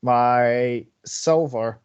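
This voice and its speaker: A man's voice: medium pitch, extremely slow, clean tone. A man co-hosting a casual podcast, laid-back and blunt, swearing casually. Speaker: podcast co-host. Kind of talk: casual chat. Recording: slightly dull audio.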